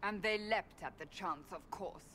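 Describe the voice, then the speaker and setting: A proud, stern female warrior speaks in grave, blunt, measured sentences, as a woman reads her lines in a mid-range voice. Faint noise sits in the background. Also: mid-range voice, pushed and bright.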